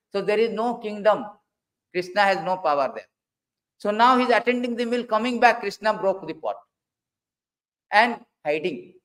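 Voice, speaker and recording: A man preaching a scripture class, animated, swinging from loud bursts to low asides and acting out quoted dialogue. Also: poor audio. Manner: quotes figures in dialogue, halting restarts.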